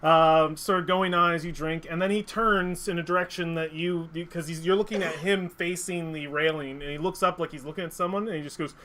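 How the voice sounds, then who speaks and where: A man's voice: a little high, steady tone, a little fast, few pauses, sharp tone, slight background noise. A man narrating as game master of a tabletop game, loose and laughing, with many fillers.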